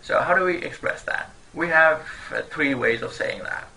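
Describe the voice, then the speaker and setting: A man whose first language is Turkish, teaching an online language lesson in a cheerful way, often laughing and repeating phrases slowly for learners. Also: on the high side, pushed and bright, low-quality recording.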